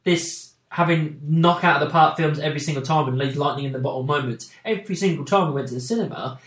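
An opinionated man hosts a casual film review chat. His voice sits a little high for a man, and he restarts phrases while he makes his points. The recording carries a noticeable room echo. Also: quick pace, fairly bright tone. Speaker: podcast host. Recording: echoey room.

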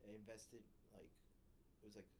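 A young man in casual chat with a friend, telling stories in a loose, profane, animated way. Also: fairly low pitch, moderate pace, background noise.

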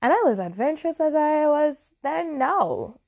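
A woman's voice: high-pitched, very animated, normal speed, creaky, a little mellow, lo-fi sound. A woman in her early twenties from Jamaica, hosting a casual solo podcast in a rambling, reflective way that keeps correcting itself. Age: early 20s. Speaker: podcast host.

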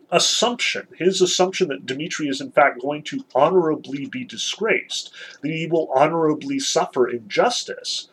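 Husky-voiced man lecturing on literature. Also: a little high, fairly bright tone, low-quality recording. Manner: conversational, frequent "um" and "you know".

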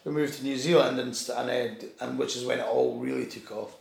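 A gravelly, slightly mellow male voice at medium pitch talks a little fast with fairly even intonation. He's chatting casually, telling a rambling anecdote complete with restarts, swearing, and impressions of the people in it. The room is echoey.

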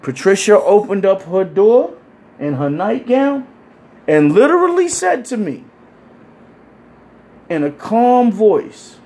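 A man telling crude stories in casual chat, animated and acting out the people he quotes. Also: sits high, slow pace, long pauses. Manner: animated, acts out quoted voices. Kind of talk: casual profane storytelling.

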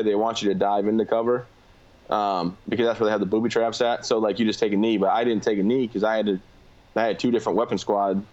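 A man's voice: fairly low pitch, a little mellow, lo-fi sound. A man, a combat veteran guest, telling his story candidly in a plain-spoken way. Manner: fast, plain-spoken, filler-heavy.

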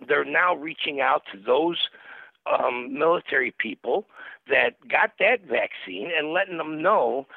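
Gruff older man calling in by phone. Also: a little high, lively intonation, normal speed, no room sound. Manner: rambling, emphatic explanation. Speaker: caller. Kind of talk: call-in talk radio. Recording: dry tinny phone line.

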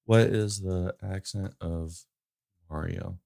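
A man's voice: on the low side, moderate pace. A young man hosting a casual solo podcast, rambling and opinionated, with lots of fillers. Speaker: podcast host.

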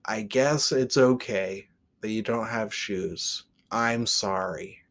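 A man's voice: fairly low pitch, slow, a bit bright. A man voicing a stern, by-the-book older male bus driver who speaks curtly and formally without humor. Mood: stern, firm.

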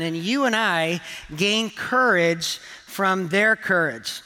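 A man preaches to his congregation in an earnest, conversational way with touches of humor. His voice sits a little high and sounds bright and forceful. A long reverb from the church hall trails behind every phrase. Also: measured pace, smooth. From England. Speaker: pastor. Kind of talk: sermon. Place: church auditorium.

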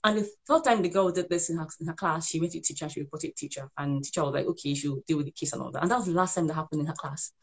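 A woman's voice: deep voice, very fast, hardly any pauses, husky. A woman who is a parent and author, giving earnest parenting advice in a conversational way and often repeating herself as she explains. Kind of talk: conversational advice on a live show.

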